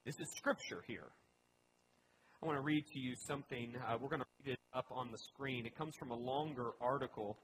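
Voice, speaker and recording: A man's voice: medium pitch, brisk, fairly bright tone, slight background noise, low-quality recording. A man pastor giving a conversational sermon, earnest and emphatic, often restarting his phrases.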